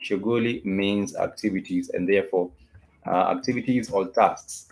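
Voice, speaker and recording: Man, lowish voice, patient language teacher, repeats each word slowly, says uh a lot. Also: steady tone, creaky, darkish tone. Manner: repeats each word and phrase several times, drawn-out fillers. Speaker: Swahili teacher. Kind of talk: spoken language lesson.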